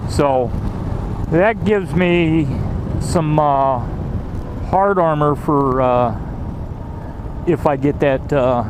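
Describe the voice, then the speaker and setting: A man talks through his gear in a slow, unhurried ramble, stopping often on fillers and starting his sentences over. He swears casually now and then. A clear steady noise runs behind his voice. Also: a little high. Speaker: gear reviewer.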